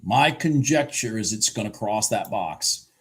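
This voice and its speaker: Excitable husky man calling trades. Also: lowish voice, measured pace. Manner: excitable, swings from shouting to muttering; swears and repeats himself. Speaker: livestream day trader. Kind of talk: live trading commentary.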